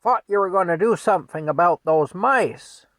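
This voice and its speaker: A blunt middle-aged farm wife, put on by a man, shrill and loud as she scolds. Her voice jumps high above his own, with a gravelly edge and no room sound around it. She curses and nags without holding back. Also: moderate pace, dry recording. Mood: exasperated.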